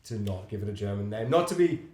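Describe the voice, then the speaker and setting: A man's voice: lowish voice, lively intonation, quick pace, warm tone. A man chatting casually as a podcast co-host, rambling and restarting his sentences as he goes. His voice rises and falls a lot, and he swears offhandedly. The recording has a noticeable roomy echo. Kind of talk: casual chat.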